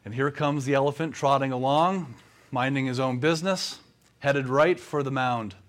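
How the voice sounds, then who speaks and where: A man preaches a sermon in a measured, steady voice of middle pitch. He pauses often between phrases as he works through his text. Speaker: pastor.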